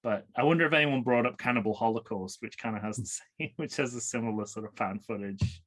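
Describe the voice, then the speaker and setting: A man's voice: medium pitch, fast, fairly bright tone. A man co-hosting a podcast, chatting casually during a movie watch-along, rambling and correcting himself as he goes. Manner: rambling, self-correcting, trails off. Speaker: podcast co-host.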